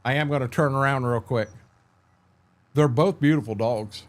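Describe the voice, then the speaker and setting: A man's voice: medium pitch, normal speed. A middle-aged man, chatting casually on his livestream at home, telling rambling, candid stories and answering viewers by name. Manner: rambling, candid storytelling, frequent restarts, answers chat by name. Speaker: livestream host.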